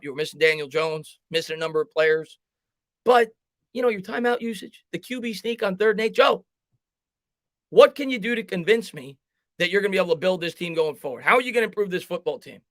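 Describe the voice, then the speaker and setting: A man putting on the voice of a serious older team owner who questions his head coach in a measured, probing way. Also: sits high, a bit bright, no echo.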